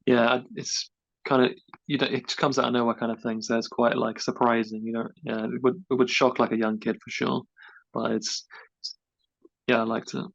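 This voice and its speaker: A man's voice: medium pitch, flat delivery, moderate pace, gravelly, no room sound. A man co-hosting a podcast, chatting casually and hesitantly about a TV episode. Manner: hesitant, lots of restarts. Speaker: podcast co-host. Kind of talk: casual chat. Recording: dull dry lo-fi mic.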